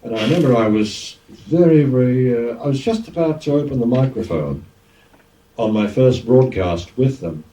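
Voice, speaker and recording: A man in his sixties with an Australian accent, a former radio DJ telling lively anecdotes in an interview, often acting out what others said. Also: mid-range voice, normal speed. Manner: lively raconteur, acts out quoted speech. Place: event venue. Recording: dull, distant lo-fi recording.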